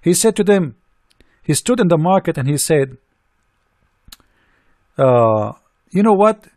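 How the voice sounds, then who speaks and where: A man's voice: on the high side, very animated, slow, darkish tone, no room sound, clean studio sound. A man delivering a heated polemical monologue, indignant and mocking, firing off rhetorical questions in non-native English. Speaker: religious critic.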